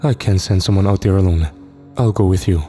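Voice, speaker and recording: A man's voice: deep voice, brisk, warm tone, faint music behind, natural voice. A man voicing a commanding FBI desk agent. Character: male FBI task force leader, desk agent.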